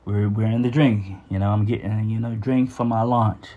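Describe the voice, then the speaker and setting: A man's voice: on the low side, steady tone, moderate pace, narrow, tinny audio. A man telling a candid personal story about his childhood, with frequent restarts and some swearing.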